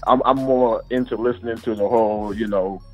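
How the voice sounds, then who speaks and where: A man's voice: lowish voice, fairly even intonation, brisk, darkish tone, dull audio, faint music behind. Hesitant male caller from the Virgin Islands. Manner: hesitant, repeats words, laid-back. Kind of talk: phone-in chat.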